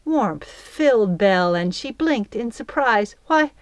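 A woman narrating an audiobook in a calm, even storytelling voice. The recording is dry and close, with no room sound. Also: mid-range voice, a little slow, dry recording.

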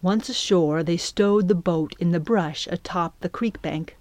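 An audiobook narrator reads a storybook in a steady, measured way, her voice pitched fairly low. The scripted recording is close and dry, with no room sound or echo.

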